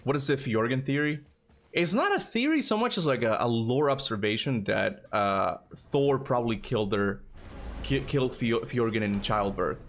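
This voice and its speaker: An excitable man in his thirties hosting a relaxed gaming livestream. He talks straight to his chat in a loose, casual way, with an ordinary mid-range voice. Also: medium pitch, normal speed. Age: 30s. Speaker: streamer.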